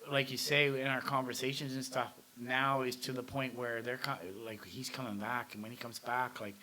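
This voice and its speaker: A man's voice: mid-range voice, little pitch movement, normal speed, bright, forceful tone. A man chatting as a guest on a casual podcast, talkative and full of restarts. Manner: chatty, lots of fillers and restarts. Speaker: podcast guest, metal radio host. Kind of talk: casual chat.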